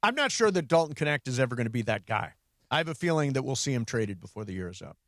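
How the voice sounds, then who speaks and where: A man co-hosting a sports radio show, trading quick opinions and pushing back on his partner. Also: mid-range voice, very animated, fairly bright tone, no room sound, studio quality. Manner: quick back-and-forth, pushes back. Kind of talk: casual sports talk.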